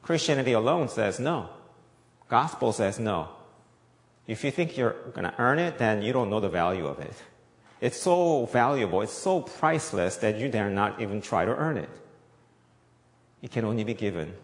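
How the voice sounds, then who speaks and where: A man's voice: fairly low pitch, big pitch swings, moderate pace. A male pastor preaching a sermon, emphatic, repeating key points and asking the audience questions. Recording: long echoey reverb.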